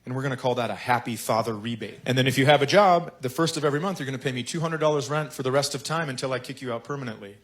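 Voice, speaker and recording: A man doing stand-up about his son, with a laid-back, halting delivery. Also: mid-range voice. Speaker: stand-up comedian. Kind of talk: stand-up storytelling.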